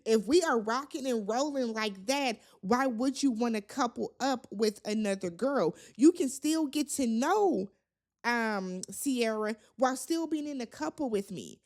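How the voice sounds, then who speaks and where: A woman's voice: on the high side, lively intonation, a little slow, darkish tone. Sassy, chatty woman recapping a reality show. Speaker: recap vlogger. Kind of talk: casual reality-TV recap commentary.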